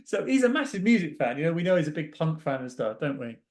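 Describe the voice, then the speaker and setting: A man's voice: a little high, very animated, quick pace. A man hosting a podcast, chatting casually and telling stories with laughs. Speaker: podcast host. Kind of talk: casual interview chat.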